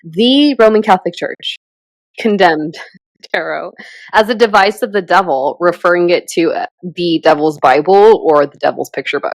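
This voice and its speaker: A woman's voice: fairly low pitch, normal speed, dry recording. A young woman from Southern California co-hosting a casual podcast, talking in a chatty way with lots of fillers and laughs. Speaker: podcast co-host. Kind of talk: casual chat.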